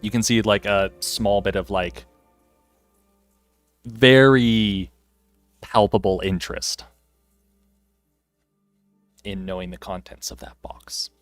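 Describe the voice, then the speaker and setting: A man's voice: on the low side, fairly even intonation, slow pace, long pauses, faint music behind. A man narrating as dungeon master, describing scenes with frequent ums and uhs. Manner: descriptive, filler-laden narration. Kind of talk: narrating a tabletop game.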